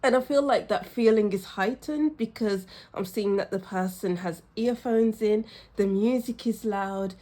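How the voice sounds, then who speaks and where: A woman's voice: mid-range voice, a little slow, few pauses. A woman giving a pick-a-card tarot reading, speaking emotionally and effusively straight to her viewers. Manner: effusive and emotional, often laughing and sighing; talks straight to the viewer, warm and reassuring. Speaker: tarot reader.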